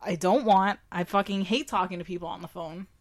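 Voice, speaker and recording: A woman's voice: lowish voice, fairly even intonation, fairly quick. A young woman, co-hosting a beer tasting in blunt, profane, laughing chat. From Canada. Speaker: co-host of a beer tasting show. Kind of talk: casual chat.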